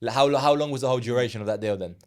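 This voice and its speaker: A man's voice: medium pitch, racing, clean tone. A man interviewing a young salesman, casual and blunt, swearing freely and asking leading questions. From England.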